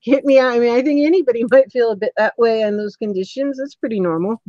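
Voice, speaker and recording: Woman host, somewhat high voice, meandering, lots of ums; muffled, dry lo-fi audio. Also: fast, mellow, no room sound. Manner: rambling, many ums and restarts. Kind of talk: casual interview chat.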